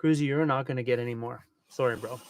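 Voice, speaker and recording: A man's voice: mid-range voice, steady tone, quick pace, a little hiss or hum. A man chatting casually on a live stream from a workshop, laughing and calling everyone bro, with a dog close by. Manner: laid-back, laughing, calls everyone bro. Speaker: van-life live streamer.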